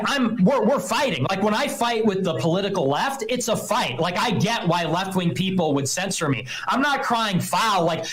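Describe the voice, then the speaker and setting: Brief: fairly high-pitched man as a stream host, emphatic casual rant with mocking impressions. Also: expressive, moderate pace, hardly any pauses, fairly bright tone, low-quality recording. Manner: emphatic, mocks others in put-on voices. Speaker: livestream host.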